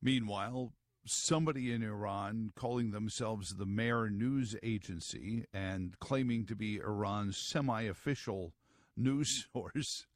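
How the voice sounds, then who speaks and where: A man's voice: fairly low pitch, takes it slowly, no echo, clean studio sound. A middle-aged man hosting a morning radio talk show, rambling through news with wry asides and lots of fillers.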